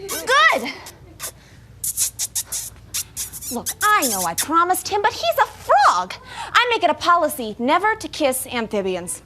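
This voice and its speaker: A woman performing live children's theatre plays a spoiled, dramatic young princess, using an exaggerated sing-song storytelling voice and chatting with the kids. Her voice is very high, pushed and bright, swooping wildly in pitch at normal speed over slight background noise.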